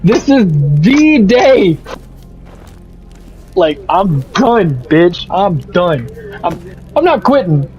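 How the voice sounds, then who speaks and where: Young guy ranting about work, kinda high voice, muffled mic, faint music behind. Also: extremely slow, pauses often. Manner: profane, animated storytelling with quoted voices. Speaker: streamer. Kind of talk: casual rant over gameplay.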